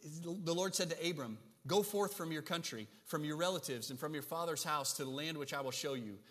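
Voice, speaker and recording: A man preaches a sermon with an emphatic delivery and keeps asking his listeners "right?". His voice sits fairly high. The sound carries a long reverb, as in a church sanctuary. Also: fairly quick, fairly bright tone. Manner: emphatic, asks the congregation "right?". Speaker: pastor.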